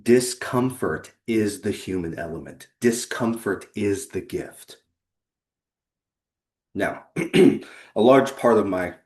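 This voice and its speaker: A man giving an earnest, conversational presentation on a video call, pausing for effect. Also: low-pitched, a little mellow, reverberant. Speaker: leadership consultant and presenter. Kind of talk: presentation to a remote audience.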